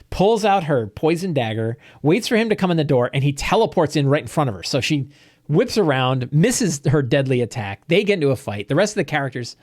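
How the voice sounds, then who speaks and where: A man, the game master, recapping a tabletop game session in a rambling, animated storytelling way. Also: a little high, dry recording, clean studio sound. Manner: rambling, animated storytelling with quoted character lines.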